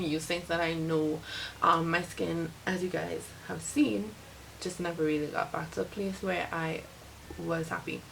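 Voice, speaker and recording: A woman's voice: fairly low pitch, gravelly, slight background noise, low-quality recording. A young Trinidadian woman vlogging casually to camera, rambling with lots of filler words. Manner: chatty, rambling, many "like" fillers. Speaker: beauty vlogger.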